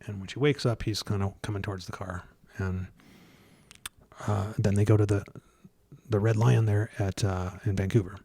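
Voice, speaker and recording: A man telling a story in a casual interview, stumbling over restarts and fillers and getting animated as he retells scenes. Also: lowish voice, no echo, clean studio sound. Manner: halting, many restarts and fillers. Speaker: guest researcher.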